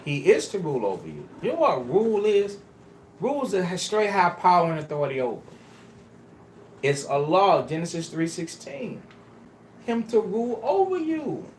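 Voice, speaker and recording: A man preaches with a lively, swooping delivery, pressing and pleading with his listeners. His phrasing is casual and street-style. The sound bounces around an echoey church room. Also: high voice, normal speed, a little hiss or hum. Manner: emphatic, pleading and exhorting the congregation. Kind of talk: sermon. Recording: roomy echo.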